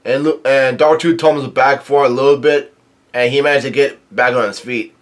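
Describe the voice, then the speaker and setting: A young man casually recapping a comic chapter, halting often and correcting himself as he goes. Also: mid-range voice, fairly even intonation. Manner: halting, many restarts and self-corrections. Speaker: manga reader and recapper.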